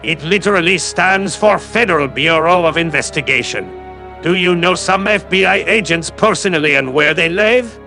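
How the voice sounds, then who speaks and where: Sarcastic man with a gravelly edge. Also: on the high side, moderate pace, pushed and bright, soft background music. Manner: sarcastic, condescending. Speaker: YouTube commentator. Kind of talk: callout commentary video.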